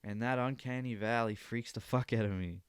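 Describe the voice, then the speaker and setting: A man's voice: mid-range voice, normal speed, clean tone, no echo. A young man hosting a podcast in casual chat, rambling, laughing often and swearing freely. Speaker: podcast host.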